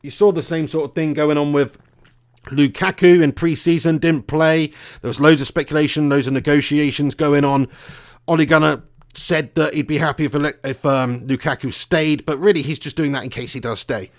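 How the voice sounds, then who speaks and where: A man's voice: a little high, fairly even intonation, normal speed. A young man, hosting a casual live stream, chatty and swearing freely, laughing often. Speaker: fan channel host.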